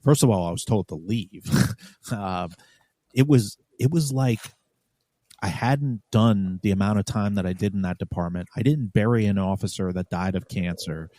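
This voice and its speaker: A man's voice: fairly low pitch, normal speed, mellow, dry recording. A man from New York, a podcast co-host, telling a story bluntly and with profanity, acting out the dialogue. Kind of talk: casual storytelling.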